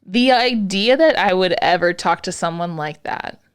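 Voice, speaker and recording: A woman's voice: on the low side, normal speed, clean tone. A young woman co-hosting a podcast, casually telling a story, acting out quotes and swearing freely. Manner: animated storytelling, acts out quotes, frequent swearing. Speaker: podcast co-host. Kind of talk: casual chat.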